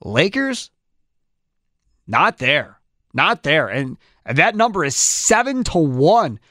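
A man hosting a sports talk show, giving strong opinions in an animated way with quick restarts. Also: fairly high pitch, no room sound, clean studio sound.

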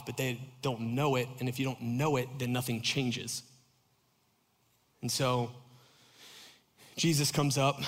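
A man preaching in a loose, chatty way, full of fillers and jokey asides aimed at the congregation. His voice sits a little high and sounds bright and sharp. A long reverb from the church hall trails every phrase. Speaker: pastor. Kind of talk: conversational sermon.

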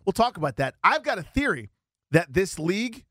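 A man's voice: high-pitched, a little fast, dry recording, studio quality. A man in his forties hosting a sports radio show, telling a story with self-mocking humor. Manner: storytelling, self-deprecating, animated. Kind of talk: casual sports talk. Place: radio studio.

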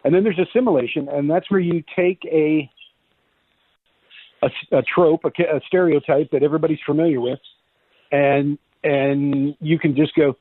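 A man talks in a fairly high, lively way, now and then slipping into playful voices as he explains his craft. He comes through a thin, phone-like line. The sound is dry and close. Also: normal speed, no room sound. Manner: animated, drops into voices and impressions. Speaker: voice actor guest. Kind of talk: casual radio interview.

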